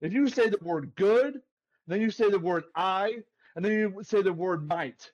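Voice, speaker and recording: A man co-hosting a sports betting podcast, brash and playful, who keeps calling people "baby" as he pitches his picks. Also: moderate pace, darkish tone, highs cut off. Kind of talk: hyped-up betting picks chat.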